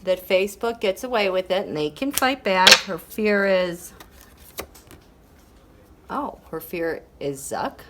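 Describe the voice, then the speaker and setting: A woman giving a solo tarot reading in a deliberate, measured way. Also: medium pitch, lively intonation, noisy background. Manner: slow, deliberate delivery broken by fits of giggling. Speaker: tarot reader.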